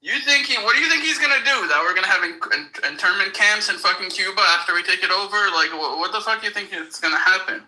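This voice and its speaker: A man's voice: sits high, expressive, fast, few pauses, sharp tone, rough recording. A man co-hosting a podcast, arguing politics in a blunt, profane, insistent way. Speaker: podcast co-host. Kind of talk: heated political debate.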